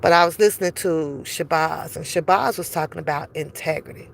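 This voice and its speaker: A woman giving a casual, blunt commentary monologue, profane and animated, slipping into acted quotes as she talks. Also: sits low, fairly quick, gravelly, slight background noise. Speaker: commentary vlogger.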